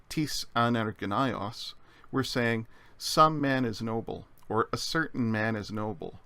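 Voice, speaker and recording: A man lectures in a low voice with a gravelly edge. He explains patiently and stops often on "uh" and "um." The sound is close and dry, with no room echo. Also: fairly bright tone. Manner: measured, explanatory, with frequent fillers. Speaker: Greek teacher. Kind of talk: recorded lecture.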